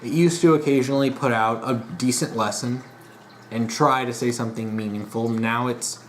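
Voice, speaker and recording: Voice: mid-range voice, steady tone, moderate pace, slight background noise. A vlogger in a casual monologue, rambling with restarts and sounding exasperated and disappointed. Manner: rambling, frequent restarts and fillers.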